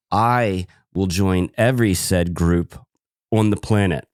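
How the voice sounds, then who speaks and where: A man's voice: deep voice, takes it slowly, smooth, no echo. Joking male podcast co-host, dry close sound. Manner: joking, laughs often, theatrical asides. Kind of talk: casual podcast banter.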